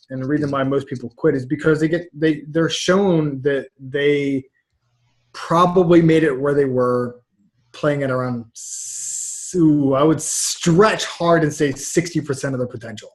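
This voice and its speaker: A man's voice: medium pitch, fairly even intonation, normal speed. A middle-aged man, a mindset coach, talking casually in an interview over a video call, rambling and repeating words with frank energy. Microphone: webcam about two feet away.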